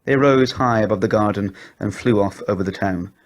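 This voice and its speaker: A man narrating a children's story in an expressive storybook reading voice. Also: fairly low pitch, a little fast.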